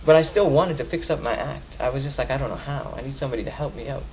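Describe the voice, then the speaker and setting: A young man giving a Friday sermon in casual slang, repeating lines for emphasis and swinging from loud urging to soft storytelling. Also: medium pitch, quick pace, noisy background. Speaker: khutbah speaker.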